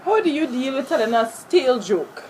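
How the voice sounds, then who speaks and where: A woman's voice: high-pitched, very animated, moderate pace, noisy background. A woman interviewing for a school project, reading out set questions.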